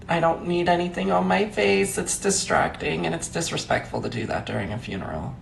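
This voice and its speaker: A man hosting a comedic livestream in a mock-solemn, theatrical manner, breaking into drawn-out mock-grieving wails. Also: fairly high pitch, creaky, a little hiss or hum.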